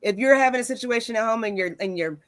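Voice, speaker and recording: A woman's voice: a little high, fast talker, no room sound. A woman in her forties hosting a wellness talk show, telling stories casually with many fillers. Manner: warm storytelling with many fillers. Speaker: host.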